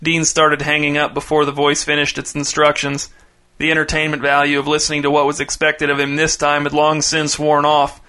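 A man narrating a short story in a measured, deadpan reading. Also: fairly high pitch.

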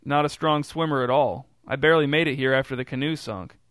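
An anxious young man who keeps pleading, as a man reads his lines in a storybook reading. The voice stays smooth and resonant, with flat intonation. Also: medium pitch, quick pace, no room sound, clean studio sound, close to an everyday voice. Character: young man, nervous weak swimmer.

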